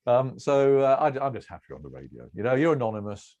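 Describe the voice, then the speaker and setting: A middle-aged man telling relaxed anecdotes as an interview guest, rambling and self-deprecating with restarts and chuckles. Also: medium pitch, quick pace, dull audio. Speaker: cricket broadcaster, interview guest.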